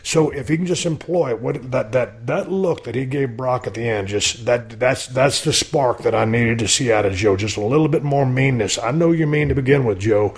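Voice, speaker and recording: A man's voice: mid-range voice, moderate pace, hardly any pauses. A man hosting a podcast, talking casually about wrestling in a rambling, enthusiastic way with many restarts. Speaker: podcast host.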